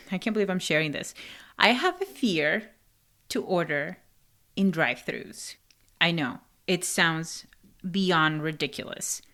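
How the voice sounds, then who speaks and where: Woman, non-native English accent, podcast host, casual monologue, expressive, whispers for emphasis, mid-pitched voice. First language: not English. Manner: animated, laughing, dropping to a whisper for emphasis. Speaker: podcast host and life coach.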